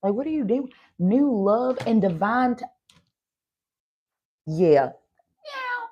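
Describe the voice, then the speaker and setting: A slightly high, animated voice, slow, mellow and a bit rough, comes through with the highs cut off. The woman, a tarot reader with a slight Southern country accent, chats casually through a reading after an overnight drive has left her tired. She calls viewers y'all and peppers in "right?"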